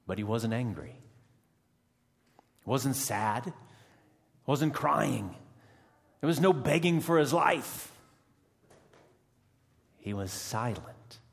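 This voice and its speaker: A rough, emotional rebel prisoner, voiced by a man, tells his story in a slow, gravelly first-person monologue. He swings from hushed words to loud outbursts, with dramatic pauses between them. The voice rings with the long reverb of a large hall. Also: mid-range voice, heavily acted.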